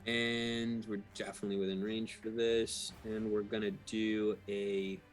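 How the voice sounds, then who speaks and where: A man's voice: lowish voice, little pitch movement, measured pace, over loud music. A man playing a tabletop game, talking in a casual, playful way about his character's moves. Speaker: player.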